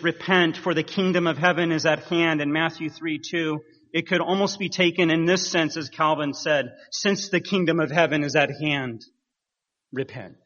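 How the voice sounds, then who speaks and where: Slow, earnest preacher in a reverberant hall. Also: male voice, fairly high pitch, fairly bright tone. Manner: measured, earnest preaching with emphatic rises. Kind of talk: sermon. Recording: dull sound in a reverberant hall.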